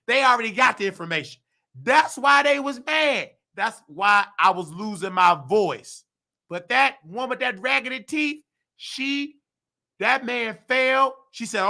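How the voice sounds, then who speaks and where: A man's voice: extremely high pitch, normal speed, creaky, pushed and bright. A man hosting his own vlog and ranting heatedly in a preachy, slangy way about his work as a nursing assistant. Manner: mimics other people's voices in quotes. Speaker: host.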